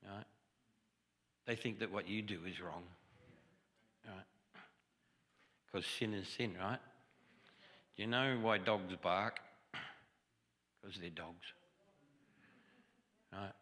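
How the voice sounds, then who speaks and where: A man's voice: sits low, slow, long pauses, sharp tone, big-room sound. A man giving a testimony sermon in a conversational storytelling way, with self-deprecating humor. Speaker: guest preacher. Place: church sanctuary.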